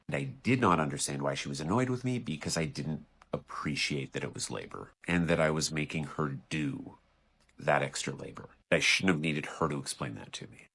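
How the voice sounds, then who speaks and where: A middle-aged man with an extremely low voice tells a story about himself. His tone is earnest and confessional, and the sound is husky and rough. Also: fairly bright tone. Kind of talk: reflective personal story.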